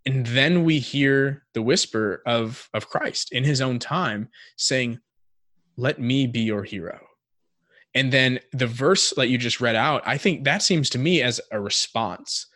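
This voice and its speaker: A man's voice: mid-range voice, a little slow, hardly any pauses, pushed and bright, dry recording. A man co-hosting a casual faith podcast, thinking aloud in a reflective way with frequent fillers. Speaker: podcast co-host.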